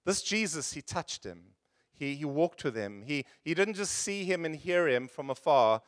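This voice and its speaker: A man preaching to his congregation in an earnest, conversational sermon. His voice sits somewhat high for a man. He leans on rhetorical questions and talks straight to his listeners. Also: lively intonation, normal speed. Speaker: pastor.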